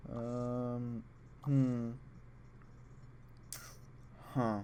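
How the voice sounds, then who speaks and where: A man giving casual, excitable, rambling commentary over a video game, full of chatty asides. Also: medium pitch, extremely slow, slight background noise. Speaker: let's play host.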